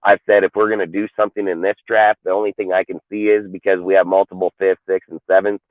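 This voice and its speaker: A man's voice: deep voice, flat delivery, quick pace, no room sound. A man ranting about football on a livestream talk show, emphatic and full of profanity. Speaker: podcast co-host. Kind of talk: heated sports talk rant. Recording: tinny phone-like line, dry.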